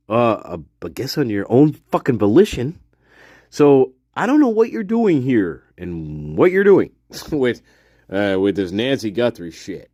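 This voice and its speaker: A man's voice: medium pitch, huge pitch swings, slow, long pauses, dark tone, no echo, clean studio sound. A man hosting a livestream, rambling and exclaiming with lots of profanity. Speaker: livestream host. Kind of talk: casual livestream commentary.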